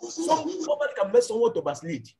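A man's voice: very high-pitched, big pitch swings, quick pace, dark tone, poor audio. A man preaching a church sermon and leading fervent prayer, repeating his lines again and again. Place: church service.

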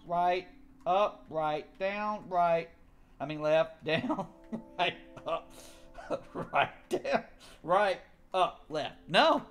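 A man giving gameplay commentary, muttering to himself in frustration and swearing heavily. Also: high voice. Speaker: gamer.

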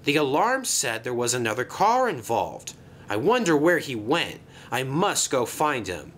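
A man voicing an earnest young male tank engine in a storybook tale, speaking in an excited, pleading way. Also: measured pace, slight background noise. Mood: anxious. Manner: excited, pleading, raised-pitch voice.

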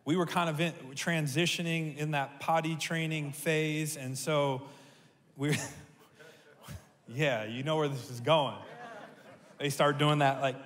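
A man preaching a sermon as a pastor, telling a story in an animated, humorous way. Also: a little high, slow pace, pauses often. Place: church sanctuary. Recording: echoey church hall.

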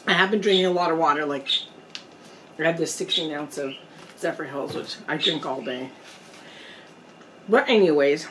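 A woman vlogger chatting casually while eating on camera at home, pausing often to savor her food. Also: low-pitched, heavy background noise. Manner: slow, chatty, pauses to eat and savor. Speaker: mukbang vlogger. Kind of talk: casual eating vlog chat. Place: indoors at home, storm outside.

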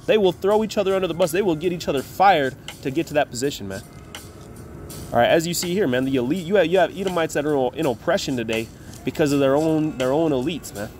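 A man's voice: on the high side, darkish tone, faint music behind. Man teaching scripture in a casual way. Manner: reads verses slowly and emphatically, then talks loosely, tagging lines with "man". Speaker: Bible teacher. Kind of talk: scripture reading with casual commentary.

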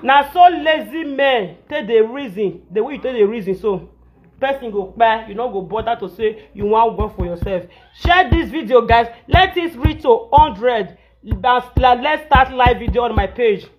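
A woman's voice: a little high, lively intonation, normal speed, a little hiss or hum. A woman with a Nigerian Pidgin English accent, scolding and ranting animatedly on a live phone video, repeating herself for emphasis. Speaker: social media personality on a live video.

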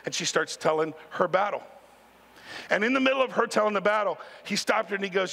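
A man preaching a sermon as pastor, telling a story in an animated, conversational way and speaking straight to the congregation. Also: high voice, fast, creaky, big-room sound. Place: church sanctuary.

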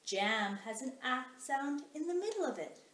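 A woman voicing a careful, curious female character in a children's storybook, reading gently. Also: sits high, big pitch swings, moderate pace. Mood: earnest. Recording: echoey room.

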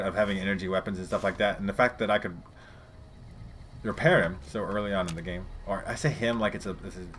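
A man's voice: fairly low pitch, noisy background. A man giving casual, rambling gameplay commentary, swearing freely and chatting to his viewers. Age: adult parent. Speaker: let's play gamer.

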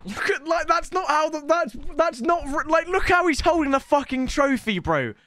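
High-pitched excitable gamer. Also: male voice, moderate pace, soft background music. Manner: excitable, swearing, yelling at the game. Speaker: gaming YouTuber. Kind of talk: let's-play gaming commentary.

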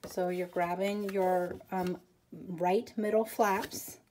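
A woman's voice: on the low side, steady tone, slow, background noise. A woman hosting a casual papercraft tutorial, chatty and rambling, with self-deprecating asides as she works.

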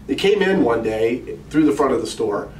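A man's voice: medium pitch, animated, moderate pace. A middle-aged man giving a conversational coaching talk. He tells stories and puts questions straight to his listeners. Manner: conversational storyteller, addresses listeners directly with questions. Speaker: practice management coach. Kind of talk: coaching talk to financial advisors. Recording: roomy, distant mic, faint ambient noise.

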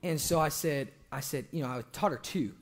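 A young man preaching an evangelistic sermon in a church, joking with the congregation and breaking into shouts for emphasis. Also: on the high side, normal speed. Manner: animated, joking, bursts into shouting.

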